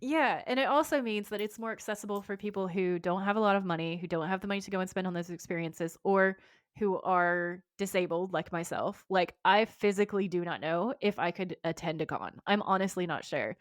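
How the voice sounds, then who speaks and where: A woman's voice: on the low side, brisk, no room sound, clean studio sound. A woman co-hosting a podcast in casual chat, rambling through tangents with restarts and frequent laughter. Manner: enthusiastic, laughs often. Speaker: podcast co-host.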